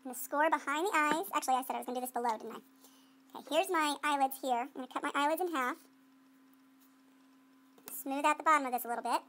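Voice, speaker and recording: High-voiced woman teaching a clay demo. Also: quick pace, long pauses, bright, forceful tone. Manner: playful, talks to herself while working; call-and-response with students. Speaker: art teacher. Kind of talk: classroom demonstration.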